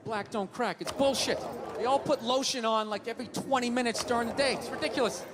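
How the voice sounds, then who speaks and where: A man's voice: very high voice, quick pace. A man doing a stand-up comedy routine, swearing a lot and acting out heated arguments in different voices. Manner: profane, ranting, acts out arguments. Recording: loud background noise.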